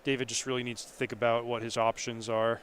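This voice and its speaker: A man co-commentating a card game tournament, calm and analytical. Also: mid-range voice, fast, a little hiss or hum.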